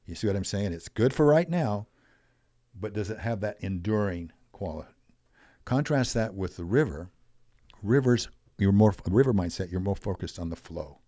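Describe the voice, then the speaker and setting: An older man speaks as a podcast guest in a very deep, low voice. He tells his stories with animation, pushing his voice up for emphasis and letting it fall away at the ends of his points. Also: normal speed. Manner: animated storyteller, rising and falling in loudness. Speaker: podcast guest, wealth coach. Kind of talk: storytelling in a podcast interview.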